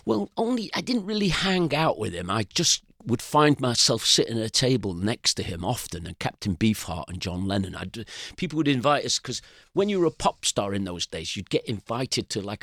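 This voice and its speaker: An older man, a guest telling rambling, animated anecdotes with frequent restarts in a casual interview. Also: mid-range voice, dry recording, studio quality. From Britain.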